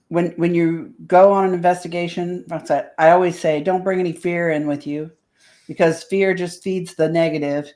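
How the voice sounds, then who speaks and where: A woman's voice: fairly low pitch, mellow. An older woman co-hosting a radio talk show in casual chat, blunt and salty.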